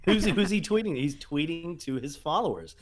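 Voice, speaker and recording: A man's voice: fairly high pitch, animated, moderate pace, a loud crowd. A man on a casual panel chat, stumbling and repeating words as he makes his point.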